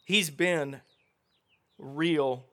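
A middle-aged male pastor preaching at an unhurried pace with a slightly high voice. He acts out the people in the Bible stories, jumping between quiet and loud. Birds and outdoor noise can faintly be heard behind him. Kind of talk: sermon. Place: outdoor gathering without a building.

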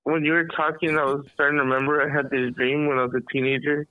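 A man with a fairly high voice tells a rambling, animated story as a podcast host. The sound is thin and phone-like, and completely dry. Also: quick pace, no echo. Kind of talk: casual storytelling chat.

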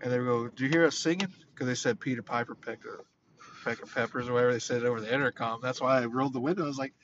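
A man's voice: mid-range voice, rapid-fire. A man co-hosting a casual podcast, telling stories with lots of energy and acting out other people's lines in raised voices. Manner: animated storyteller, acts out quotes in raised voices. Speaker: podcast co-host. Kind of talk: casual chat. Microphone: phone. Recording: dull lo-fi sound with clear background noise.

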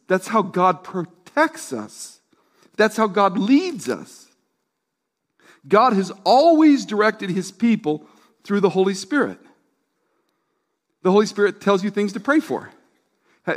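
Man preaching, pastor, fairly high voice, casual storytelling, drops soft and low for emphasis. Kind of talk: sermon.

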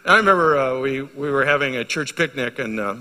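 A middle-aged male pastor preaching a sermon, telling a story and moving from hushed to loud and emphatic. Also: medium pitch, animated, fairly quick. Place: church hall. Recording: reverberant church hall.

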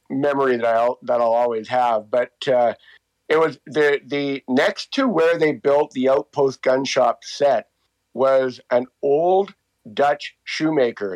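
In a poor-quality recording, a Canadian man in his fifties with a medium-pitched voice tells stories casually during an interview. He works as a walking tour guide, and his talk rambles along with lots of fillers and restarts.

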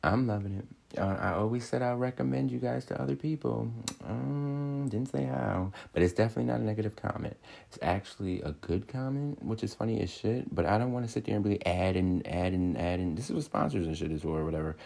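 A man's voice: fairly low pitch, a little fast, creaky. A man hosting his own show, ranting casually and swearing freely. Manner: swearing freely, animated, jumps into mocking quoted voices. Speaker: podcast host. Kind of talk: casual solo rant.

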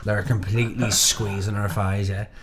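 A man's voice: fairly low pitch, flat delivery, moderate pace, background noise. A young man with a Northern Irish accent in casual chat, rambling, swearing and acting out what people say. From Northern Ireland. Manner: rambling, sweary, acts out quotes.

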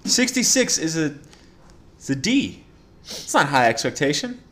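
A man's voice: a little high, big pitch swings, a bit bright. Sarcastic male podcast co-host. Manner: sarcastic, interjecting, halting. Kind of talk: casual podcast chat.

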